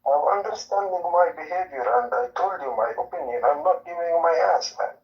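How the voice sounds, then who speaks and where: A man's voice: high-pitched, lively intonation, fairly quick, gravelly. A man trolling the other caller in a provocative, mock-sincere way, drawling with lots of fillers. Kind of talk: trolling online chat. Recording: distant lo-fi audio.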